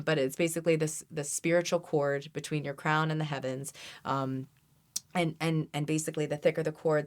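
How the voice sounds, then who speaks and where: A woman energy healer as a podcast guest, explaining in an earnest, teaching way with frequent restarts. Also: sits low. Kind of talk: podcast interview.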